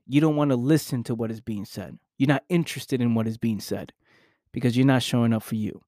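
A man's voice: mid-range voice, darkish tone, dry recording. Earnest man talking into a dry mic. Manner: earnest, emphatic, repeats phrases; swears casually, slangy. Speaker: podcast host. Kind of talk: motivational monologue.

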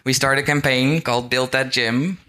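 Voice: mid-range voice, fairly even intonation, moderate pace, pushed and bright. A panel guest speaking plainly about starting a gym. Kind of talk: live panel conversation.

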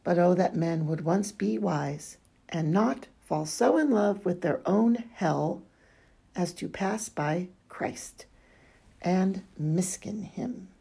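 Slow, husky woman reading fervently. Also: on the low side, expressive, warm tone. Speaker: reader. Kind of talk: reading aloud devotional letters.

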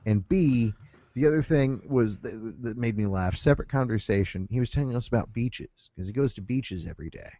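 Guy recapping a tv show with friends, super animated, swears a lot, dull dry mic. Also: medium pitch, a little fast, no echo. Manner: animated, laughing, swearing, acts out quotes. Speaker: podcast co-host. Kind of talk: casual chat recapping a TV episode.

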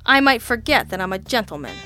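A woman voicing a nervous, whiny little man who is a small-time informant in a storybook reading, raising her voice high for him. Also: very animated, fast, sharp tone, soft background music. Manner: whining, flustered, eager to please.

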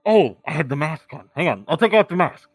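A man voicing a brash, violent male brute who shouts and taunts. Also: on the high side, big pitch swings, fairly quick, vocal fry, slightly rough, dry recording, soft background music, pitched above the performer's own voice, exaggerated voice. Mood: indignant.

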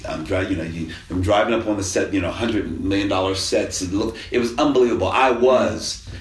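A man in casual interview chat, talking in a relaxed, rambling way with many restarts. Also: on the low side, a little fast. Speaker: guest actor. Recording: distant mic in echoey room, faint noise.

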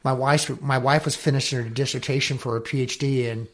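A middle-aged man from Southern California tells stories in a gravelly, rough-edged voice. He is animated and profane and acts out the people in his tales. It sounds like a casual podcast chat. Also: medium pitch, brisk. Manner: animated, swears freely, acts out quotes. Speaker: podcast guest, dive company owner. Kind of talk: casual storytelling interview.

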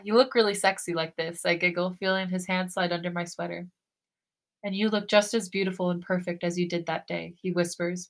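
Podcast co-host, female, lowish bright voice, soft intimate romance reading. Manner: soft, breathy romantic reading, then gushing and giggly. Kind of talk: reading fan fiction aloud and chatting.

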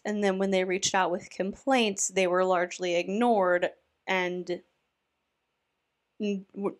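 A woman hosting her own channel, talking through a story in a conversational, opinionated way. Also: medium pitch. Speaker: commentary YouTuber. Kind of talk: casual commentary.

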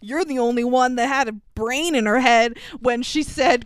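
A woman's voice: fairly high pitch, moderate pace, smooth, no room sound. A woman co-hosting a movie review podcast, casual and sarcastic, swearing and laughing often. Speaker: podcast co-host.

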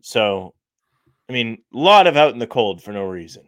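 A young man co-hosts a casual podcast and grumbles about everyday annoyances with wry humor. His voice is mid-pitched and relaxed. He is recorded close to the mic in a dry room with no echo. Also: normal speed. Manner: wry, complaining banter. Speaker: podcast co-host. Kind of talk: casual chat.

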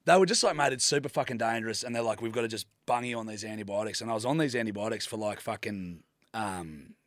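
A young Australian man with a lowish voice, rattling through a story at speed. He talks in a laid-back way, swears freely and acts out what people said. The sound is close and dry. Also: fast, no echo. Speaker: podcast guest. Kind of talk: casual chat, storytelling.

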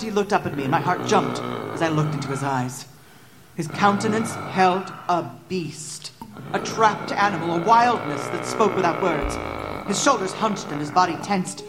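A woman narrating a story in the first person, with expressive storytelling. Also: fairly low pitch, rough recording. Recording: narration over music. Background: background music.

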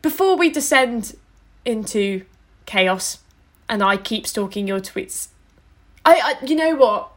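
A woman's voice: on the high side, lively intonation, takes it slowly, long pauses. A woman co-hosting a casual podcast, chatty and teasing. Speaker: podcast co-host.

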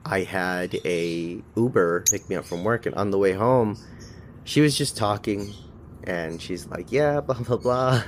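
A man's voice: low voice, measured pace, a little hiss or hum. A man casually recounting a personal story, often chuckling as he goes. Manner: chuckles often while telling. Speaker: storyteller guest.

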